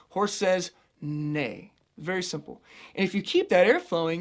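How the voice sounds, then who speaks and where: A male vocal coach from central Illinois, talking through a singing lesson in a loose, chatty way. He explains technique plainly and slips easily into light, high demonstrations of head voice. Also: normal speed.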